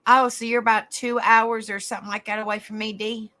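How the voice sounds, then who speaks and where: A woman's voice: fairly high pitch, level tone, fairly quick, pushed and bright. A young woman with a Southern US accent, from South Carolina and raised in Tennessee, chatting with livestream viewers and calling them honey and darling. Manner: chatty, endearing terms like honey and darling, frequent restarts. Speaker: livestream host. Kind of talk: casual live chat with viewers.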